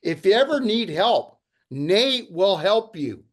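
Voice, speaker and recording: A man's voice: sits high, big pitch swings, takes it slowly. A middle-aged man hosting a video-call meeting, speaking in an enthusiastic, motivational way. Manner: enthusiastic, pep-talk delivery. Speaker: meeting host.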